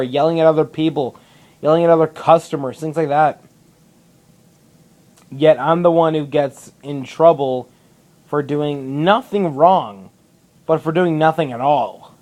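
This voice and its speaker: Inside a public building, a young man talks to his camera in a rambling, casual monologue, cursing a lot and often starting sentences over. His voice is medium-pitched with a darkish tone.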